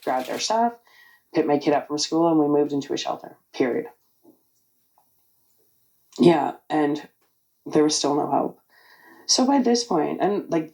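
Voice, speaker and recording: A woman in her forties talking candidly in a casual vlog, rambling with lots of fillers, her voice raspy from allergies. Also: sits low, mellow, rough recording. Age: 40s. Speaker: vlogger. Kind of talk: casual personal vlog talk.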